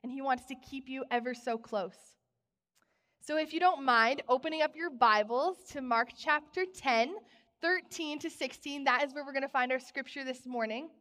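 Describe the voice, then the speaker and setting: A young woman preaching a sermon in a church, telling stories with bubbly, animated exclamations. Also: high-pitched, normal speed. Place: church sanctuary. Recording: long church reverb.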